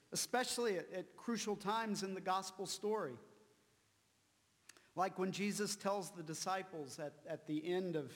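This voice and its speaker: A man preaching a sermon, slow and deliberate, repeating key words for emphasis. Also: high voice, in a large hall. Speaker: pastor.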